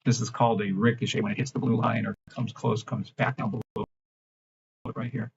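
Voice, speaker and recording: A man hosting a trading livestream, ranting in a brash, mocking, profane way and swinging between loud outbursts and low mumbling. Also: flat delivery, a little fast, creaky, highs cut off, background noise. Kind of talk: live-stream rant and chart reading.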